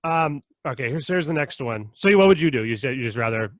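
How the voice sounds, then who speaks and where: A man of Irish family background hosts a casual podcast chat, reading out would-you-rather questions and laughing often in a relaxed, joking way. His mid-range voice moves a little fast on a dry recording.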